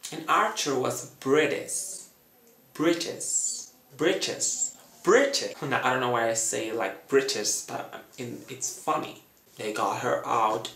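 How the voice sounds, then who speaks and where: A man talking through a fan theory in a chatty, dramatic way, acting out quotes in a high voice. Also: fairly bright tone, reverberant. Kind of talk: casual fan theory talk.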